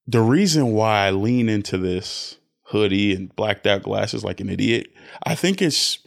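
A young man hosting a solo podcast rant, animated and self-interrupting, swinging between loud bursts and hushed asides. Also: on the low side, a little slow, vocal fry. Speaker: podcast host. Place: indoors, lying down recording at home.

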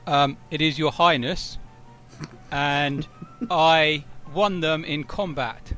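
Dude doing a pompous wannabe king, slightly high voice, slow and haughty. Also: fairly bright tone, soft background music. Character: haughty male self-proclaimed king, proud.

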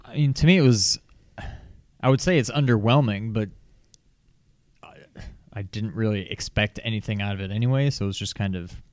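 A man co-hosting a casual podcast, low-key and shrugging, trailing off quietly at the ends of his thoughts. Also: a little fast, long pauses, no echo, clean studio sound. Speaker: podcast co-host. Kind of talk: casual chat.

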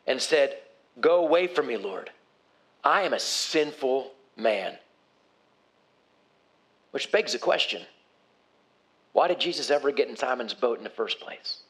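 High-voiced male preacher, conversational. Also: a bit bright. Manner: conversational, asks the congregation questions. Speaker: pastor. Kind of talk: sermon.

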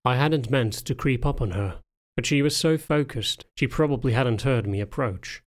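A man reading a novel aloud as a first-person audiobook narrator, in a calm, measured way. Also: mid-range voice.

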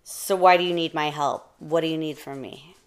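A woman's voice: low voice, steady tone, normal speed, clear, resonant tone, natural voice. A woman voicing a sleepy, grumpy male black bear who talks in a drowsy, skeptical way.

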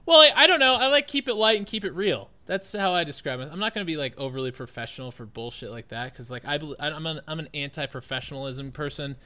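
A man in his late twenties telling a story in casual chat, animated and profane, with lots of "like" fillers. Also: fairly high pitch, quick pace, few pauses.

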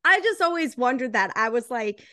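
A woman's voice: a little high, lively intonation, normal speed, bright, forceful tone, no echo, studio quality. A woman co-hosting a casual movie review chat while drinking. She is inquisitive and keeps posing theories and questions about the story. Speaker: podcast co-host.

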